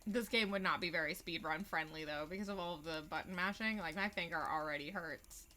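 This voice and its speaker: A woman's voice: on the low side, a little fast, pushed and bright, a little hiss or hum. A young adult woman livestreaming a horror game, giving casual, chatty gameplay commentary full of crude, self-mocking asides.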